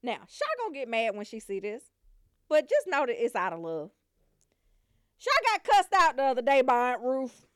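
High, lively woman telling a comic story. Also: normal speed, clear, resonant tone, dry recording, clean studio sound. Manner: animated, laughs often, acts out family members.

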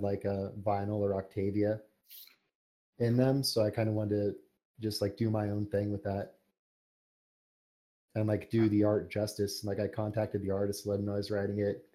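A young man with a low, mellow voice talks through his story in a loose, rambling way, full of fillers. His pitch stays fairly flat as he chats on a podcast. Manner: relaxed, rambling with many fillers. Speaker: podcast guest, fan fiction writer. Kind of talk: casual interview chat.

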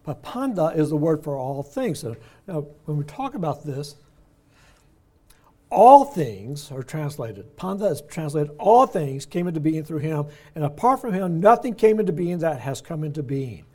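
In an expressive, mellow voice that runs a bit high for a man and has soft edges, an older man leads a Bible study. He chats conversationally, explaining words slowly and stressing the important ones.

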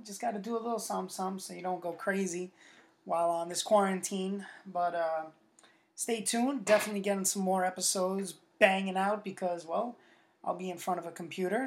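A man's voice: sits high, gravelly. A young man hosting a podcast, ribbing his friends in crude, profanity-laced casual chat. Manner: crude, teasing banter with frequent swearing. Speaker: podcast host.

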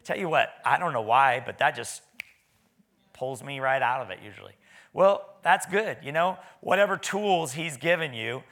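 Bright-voiced man preaching a folksy sermon. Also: medium pitch, lively intonation, moderate pace, vocal fry. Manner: conversational, folksy, stammering restarts. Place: church.

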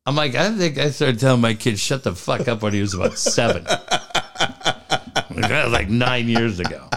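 A man's voice: mid-range voice, measured pace, slight background noise. A middle-aged man co-hosting a podcast, telling profane stories in casual chat and acting out quotes. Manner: animated, profane storytelling with acted-out quotes. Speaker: podcast co-host.

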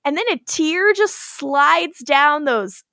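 A woman on a podcast recaps an episode in loose, animated chat, often laughing and jumping into the characters' lines. Her voice sits a little high. The sound is dry and close. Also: slow pace, no echo. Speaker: podcast co-host.

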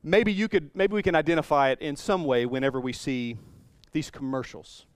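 Animated man preaching a sermon. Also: a little high, normal speed, clear, resonant tone, dry recording. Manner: animated storytelling, swings from soft to loud. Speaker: pastor.

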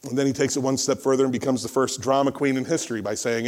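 A man preaching a sermon, retelling a scripture story in an animated, conversational way and acting out the voices. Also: mid-range voice, brisk, long pauses. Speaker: pastor.

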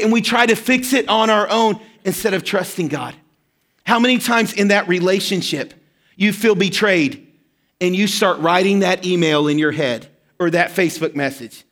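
High-voiced man preaching a sermon. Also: moderate pace, fairly bright tone. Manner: earnest storytelling, acts out quoted prayers. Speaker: pastor.

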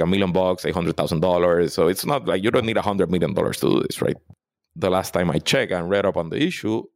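A man, a political consultant giving emphatic, animated answers in a podcast interview. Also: sits low, no echo, studio quality. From Puerto Rico. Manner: emphatic, animated, repeats for stress.

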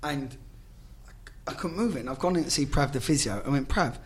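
A man's voice: mid-range voice, expressive, racing, slight background noise. A man, a former footballer, telling stories in casual chat, swearing freely and acting out the dialogue.

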